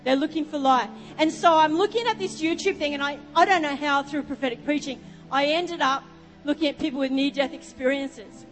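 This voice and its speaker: A woman's voice: high voice, fairly quick. An Australian woman preaching a sermon, telling stories with rambling asides. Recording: long reverb with music behind.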